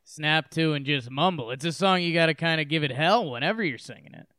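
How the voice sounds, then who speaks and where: A man's voice: on the high side, expressive, brisk, pushed and bright, no room sound. A man co-hosting a casual talk show, rambling and hesitant, now and then breaking into goofy singing. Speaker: podcast co-host. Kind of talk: casual chat.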